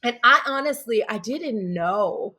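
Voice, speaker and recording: A woman's voice: a little high, unhurried, breathy edge. A woman guest in an interview, telling a personal story in a casual way and laughing often as she talks. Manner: animated, laughs while telling stories. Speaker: interview guest, yoga teacher.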